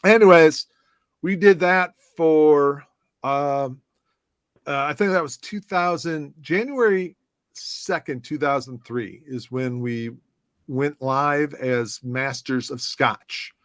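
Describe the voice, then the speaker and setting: A man's voice: a little high, takes it slowly, clear, resonant tone, dry recording, studio quality. Chatty man from telling stories. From southwest side of Chicago, US. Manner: animated anecdotes with many restarts and fillers. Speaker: former whisky brand ambassador, guest. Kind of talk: casual conversational storytelling.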